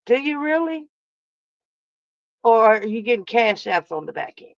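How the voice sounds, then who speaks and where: A woman's voice: a little high, big pitch swings, normal speed, pauses often, no echo, lo-fi sound. A woman hosting a casual live reaction stream, drawling and sassy, calling her chat baby and love. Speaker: reaction channel host.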